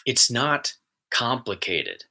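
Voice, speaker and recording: Bright-toned man musing on wellness. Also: medium pitch, big pitch swings, takes it slowly, vocal fry. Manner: earnest, rambling, with restarts and asides to viewers. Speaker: wellness vlogger. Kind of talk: casual spoken monologue.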